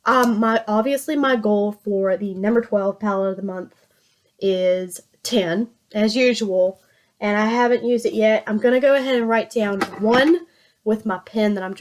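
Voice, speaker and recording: Woman, Virginia Southern drawl, chatty, self-mocking, fairly high voice, casual makeup vlog. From Virginia, USA. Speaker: beauty vlogger.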